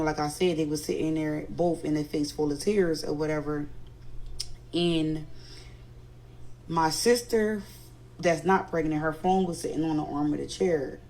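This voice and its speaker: A woman's voice: low voice, darkish tone, rough recording. A woman with a Philadelphia accent telling a family story in a casual storytime, animatedly quoting others and growing indignant. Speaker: storyteller recounting family drama.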